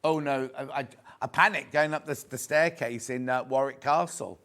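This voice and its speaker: With a medium-pitched, slightly bright voice and a moderate pace, an English man fronts a live home shopping program in a TV studio. He keeps the chat jokey while sharing viewer messages and showing fabrics.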